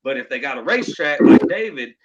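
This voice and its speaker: A man's voice: medium pitch, expressive, brisk, very noisy. A man who races modifieds, arguing his case with passion and repeating himself for emphasis. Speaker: UMP modified racer. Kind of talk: heated panel debate. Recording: dull lo-fi stream audio.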